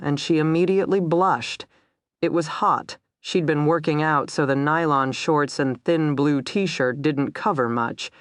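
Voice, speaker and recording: Low-voiced woman narrating a thriller. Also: no echo, studio quality. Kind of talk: scripted audiobook narration.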